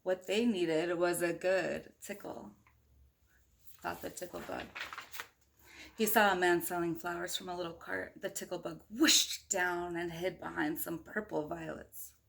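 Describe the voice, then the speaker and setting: A woman's voice: lowish voice, steady tone, measured pace, gravelly, fairly bright tone. Playful woman reading a storybook aloud. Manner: playful, chatty, talks to listeners. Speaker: storybook reader. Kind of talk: children's read-aloud with chatty asides.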